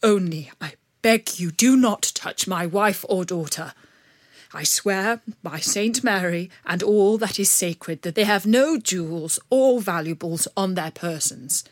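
A woman's voice: mid-range voice, a little slow, no echo, clean studio sound, natural voice. A woman voicing an anxious older nobleman father who speaks in a fearful, pleading way in a storybook reading.

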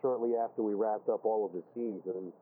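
A man's voice: on the low side, fairly even intonation, fairly quick. A man hosting a podcast interview, chatty, telling stories with frequent stammered restarts. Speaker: podcast host. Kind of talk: casual interview. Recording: dull lo-fi audio with faint background hiss.

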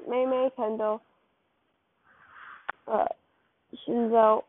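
Speaking extremely slowly, a fairly high-voiced woman with little pitch movement casually reads a second-person fan fiction piece. She rambles, slips, and starts over a lot, captured in a dry, tinny, phone-like recording.

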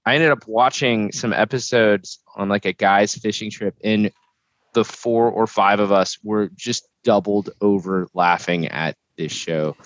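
A man co-hosting a casual podcast who rambles excitedly and laughs a lot. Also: lowish voice, a little slow, no echo, dull audio. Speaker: podcast co-host.

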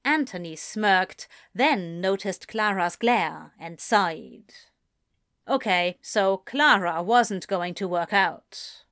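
A woman reading a story aloud in measured, gentle scripted narration. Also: mid-range voice, animated. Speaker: audiobook reader.

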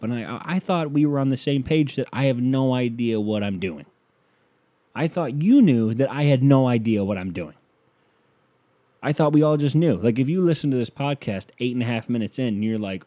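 A man's voice: medium pitch, animated, moderate pace, mellow. A young man from Northeast Ohio hosting a solo podcast, ranting with sarcastic exasperation and the odd curse. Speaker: podcast host. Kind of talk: solo comedic podcast rant.

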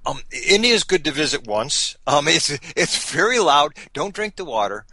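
A man's voice: fairly high pitch, moderate pace, breathy edge, no echo. A man telling travel stories in a casual interview, laughing often and restarting his sentences. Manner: animated, laughing storyteller with many restarts. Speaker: podcast guest recounting a sailing voyage.

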